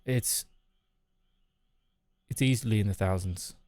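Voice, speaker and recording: He speaks slowly in a voice on the low side, darkish in tone and free of echo. It's casual chat on a live stream, where he talks candidly with viewers, reads out their messages, and laughs a lot.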